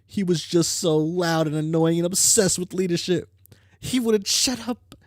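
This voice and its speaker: A blunt, sharp-tongued teenage troll girl from a webcomic, read aloud by a reader with a dry delivery. The sound is dry and close to the mic. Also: medium pitch, unhurried, no echo, pitched above the performer's own voice, close to an everyday voice. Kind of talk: reading comic dialogue aloud.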